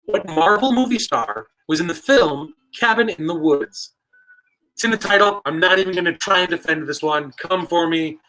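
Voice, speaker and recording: A man's voice: on the high side, very animated, normal speed, pushed and bright, poor audio. A man hosting a live online trivia night, casually reading out viewer answers and joking with the chat. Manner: playful, jokey, reads out viewer answers. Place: store basement with stone walls.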